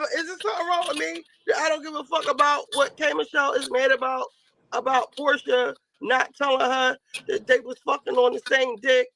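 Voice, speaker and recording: High-voiced, gravelly man ranting. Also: a little hiss or hum. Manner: animated, profane, talks straight to viewers. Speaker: reality show review host. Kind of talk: casual livestream rant.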